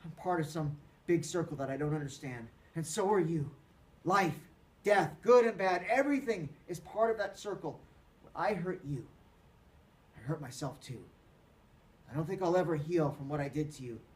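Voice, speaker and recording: A man's voice: a little high, moderate pace, a little mellow, distant mic, close to an everyday voice. A man voicing a remorseful teenage boy who pleads earnestly. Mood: pleading.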